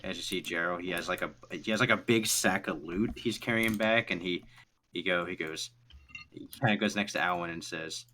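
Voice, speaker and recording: A man running a tabletop game, describing scenes in a loose, rambling way full of fillers. His voice is low yet bright and forward, with a faint hiss in the background. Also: brisk. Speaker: game master.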